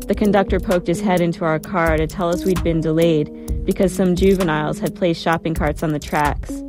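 A woman reading a first-person story aloud in a measured, reflective way. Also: on the low side, steady tone, music in the background. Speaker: narrator.

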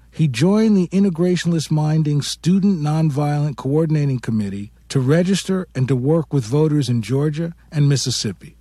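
A man hosting and narrating a scripted introduction in a measured, formal way. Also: fairly high pitch, no echo, studio quality. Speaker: host, museum director. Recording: soft music bed.

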